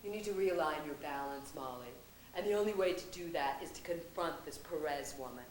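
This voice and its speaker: Woman playing a calm, teasing New Age man. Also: low-pitched, fairly quick, reverberant, a little hiss or hum, close to an everyday voice, rough recording. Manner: soothing, wry, blunt. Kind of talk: one-woman stage comedy.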